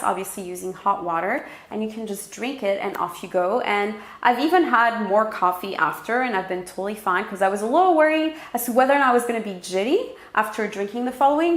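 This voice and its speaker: A woman's voice: medium pitch, echoey room. A woman with a French accent, chatting candidly to camera in a casual vlog. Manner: chatty and candid, quick asides. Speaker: vlogger.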